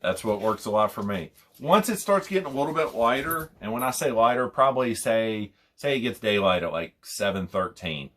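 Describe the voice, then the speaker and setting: A man's voice: fairly low pitch, lively intonation, moderate pace, hardly any pauses, fairly bright tone. Rambling man explaining hunting calls. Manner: rambling, repeats phrases, imitates owl hoots. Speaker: hunting call instructor. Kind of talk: casual how-to demonstration.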